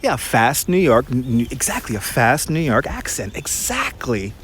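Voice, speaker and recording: A man's voice: medium pitch, big pitch swings, fairly bright tone, husky. A man with a Brooklyn accent, a tour guide chatting casually on a livestream as he walks through a snowy park. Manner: chatty, quick, with frequent restarts and laughs. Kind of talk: casual livestream chat while walking.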